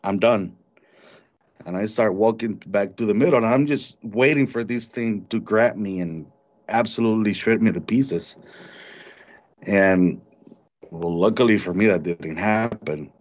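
Man, low voice, halting storyteller, repeats words, dull muffled recording. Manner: halting, repeats words when shaken, mimics animal sounds. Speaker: interview guest recounting an encounter. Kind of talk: storytelling in an interview.

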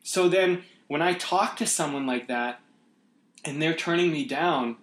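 A man's voice: a little high, unhurried, a bit bright, echoey room. A man hosting a podcast, talking casually and reflectively with many restarts. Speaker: podcast host. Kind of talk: casual conversation.

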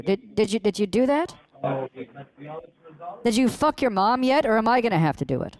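A woman's voice: on the high side, animated, fairly quick, a crowd in the background, poor audio. A woman on a prank call, berating a phone scammer with mocking, profane insults.

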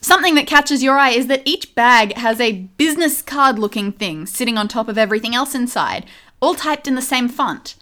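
Woman game master reading clues slowly. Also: on the high side, animated, pushed and bright. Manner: measured, reads clues out slowly. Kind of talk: narrating a tabletop puzzle game.

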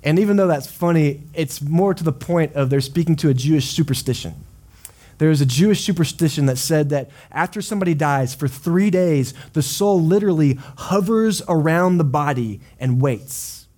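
A man's voice: fairly high pitch, normal speed, dark tone. A man preaching a sermon as pastor, building passionate repetitive runs and dropping in casual exclamations. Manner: impassioned, repetitive preaching cadence.

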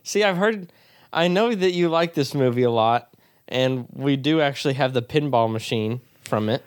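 Blunt young man with a smooth voice. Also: medium pitch, moderate pace, no room sound, clean studio sound. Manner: blunt and offhand, swears and laughs often. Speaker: podcast co-host. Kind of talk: casual movie review chat.

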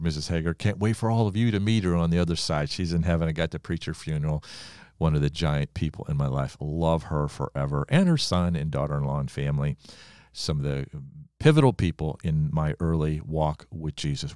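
An older male pastor preaching with a very low voice. He delivers his sermon earnestly, leaning on pauses and slowing down for weight. The sound is dry and close. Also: a little mellow, clean tone, dry recording. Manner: earnest preaching with dramatic pauses and slowed emphasis.

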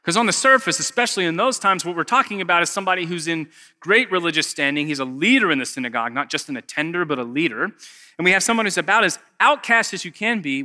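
A man preaching a conversational sermon, acting out characters and swinging from loud bursts to hushed asides. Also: fairly high pitch. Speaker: pastor. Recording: echoey long hall reverb.

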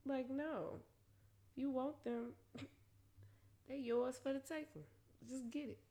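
A woman talking straight to her listeners in a blunt, profane casual monologue, laughing often and getting loud and animated when she rants. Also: high-pitched, slow. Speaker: solo talker giving advice.

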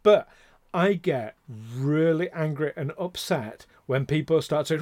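A man's voice: fairly high pitch, a little slow, darkish tone, no echo. Heated rambling man, dry sound. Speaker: podcast co-host. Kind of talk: casual chat.

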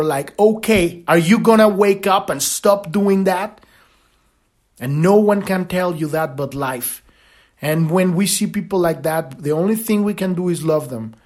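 A high-pitched man hosts a podcast, delivering a casual spiritual monologue that rambles animatedly. He swears now and then and acts out quoted voices.

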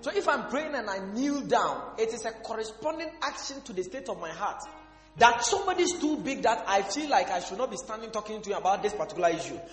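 A male pastor preaching a sermon, asking the congregation questions and breaking into sudden shouts. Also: sits high, animated, fast talker. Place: church hall. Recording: echoey hall with faint music.

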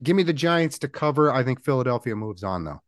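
A man's voice: medium pitch, sing-song, fairly quick, no room sound, clean studio sound. A man co-hosting a casual sports betting chat, chatty and rambling, laughing often. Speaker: podcast co-host making picks.

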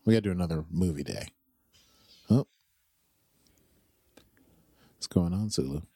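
A man with a very low voice and a lively, swinging pitch chats through a movie watchalong. He is relaxed and playful, tossing off short reactions and jokes. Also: fast talker, breathy edge, no room sound. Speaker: podcast co-host. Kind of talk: casual movie watchalong chat.

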